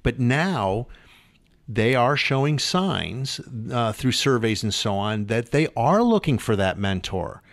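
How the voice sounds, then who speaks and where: A man's voice: medium pitch, big pitch swings, slow pace. A man hosting a podcast interview, chatty and prone to repeating words as he thinks. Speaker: podcast host.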